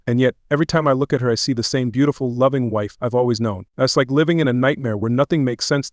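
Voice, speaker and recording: A man's voice: mid-range voice, dry recording. A man narrating a first-person dramatic audio story in a tense, earnest way.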